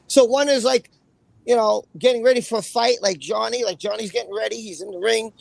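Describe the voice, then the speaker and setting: A man hosting a casual livestream with a raspy voice, chatting and then reading a court opinion aloud in a rambling way. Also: high-pitched, a little fast, dry recording. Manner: rambling, chatty, with fillers and repeated phrases. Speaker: livestream host.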